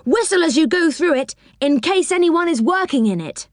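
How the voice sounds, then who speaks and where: A small, excitable boy who squeals and pleads, as a woman puts him on. His voice is pitched far above hers and leaps around wildly. The recording is close and dry. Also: moderate pace, no room sound. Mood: alarmed. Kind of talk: storybook reading.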